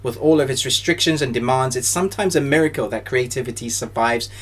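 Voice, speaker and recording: A man co-hosting a casual online show, reading notes in a relaxed, playful way. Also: medium pitch, fast talker, breathy edge. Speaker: co-host. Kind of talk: casual chat, partly read script.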